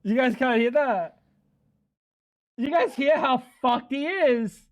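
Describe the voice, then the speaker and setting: A man's voice: very high-pitched, takes it slowly. Guy streaming a game, rambly and hyped, swears a lot while he chats with viewers. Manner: excitable, swearing, rambling talk to chat. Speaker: livestreamer. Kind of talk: casual gaming stream chatter.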